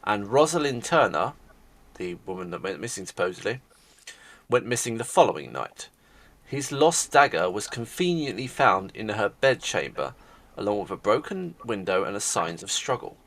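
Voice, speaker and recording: Gravelly low-voiced man running the game. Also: very animated, normal speed, fairly bright tone. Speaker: game master. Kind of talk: narrating a tabletop game.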